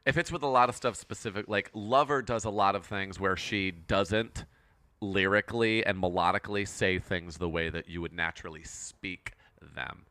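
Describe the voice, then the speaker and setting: A man's voice: low-pitched, steady tone, moderate pace, bright, forceful tone, no room sound. A man from Michigan with a light Michigan accent, co-hosting a podcast in rambling casual chat about pop music. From Michigan, USA. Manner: rambling, thinks aloud with fillers and restarts. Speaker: podcast co-host.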